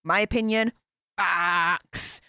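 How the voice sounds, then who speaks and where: A woman's voice: lowish voice, fairly even intonation, slow pace, pushed and bright, clean tone, no echo. A young woman with a Yorkshire accent hosting her channel, chatting casually as she reads viewer comments aloud. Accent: Yorkshire English. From Yorkshire, England. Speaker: YouTube channel host. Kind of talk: casual livestream chat reading comments.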